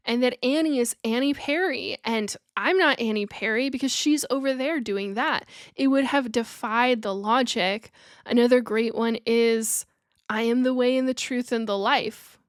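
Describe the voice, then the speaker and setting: A woman's voice: on the high side, dry recording, studio quality. A woman hosting a podcast and teaching spiritual ideas in a monologue, earnest, with playful, laughing asides. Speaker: podcast host.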